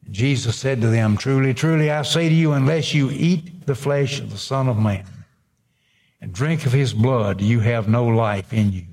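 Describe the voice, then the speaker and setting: A man delivers a sermon in a medium-pitched, slightly mellow voice at a moderate pace. He reads scripture aloud and breaks in with emphatic asides, with long hall reverb on the recording.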